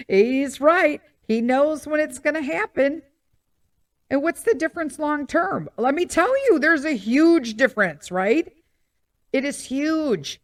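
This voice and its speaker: Chatty woman with a gravelly edge. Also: high voice, expressive, slow pace, long pauses, dry recording, clean studio sound. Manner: chatty, repeats "okay?" to listeners. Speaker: podcast host. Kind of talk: casual parenting talk.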